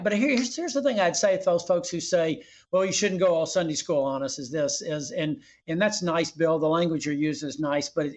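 Earnest former governor on a dull line. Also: male voice, a little high. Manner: earnest, restarts often. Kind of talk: interview.

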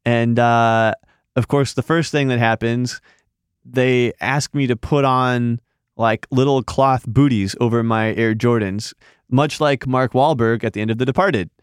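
A man's voice: medium pitch, fairly even intonation, a little slow, smooth, dry recording, studio quality. A man, a magazine editor, telling a rambling story in casual podcast chat, full of fillers and restarts.

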